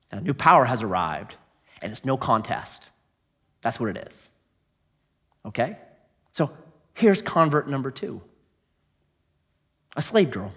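High-voiced man preaching conversationally. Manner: conversational storytelling, swings from animated to hushed. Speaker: pastor. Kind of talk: sermon.

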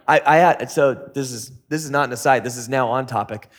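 A middle-aged man preaching a sermon as pastor, conversational with jokey asides. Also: a little fast. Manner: conversational, jokey asides with sudden high-pitched bursts.

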